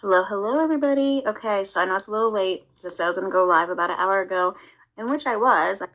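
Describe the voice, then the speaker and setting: A woman's voice: mid-range voice, quick pace, a bit bright, rough recording. A woman chatting casually on a livestream, rambling with lots of fillers, sick with a cough. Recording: clip played inside a commentary video.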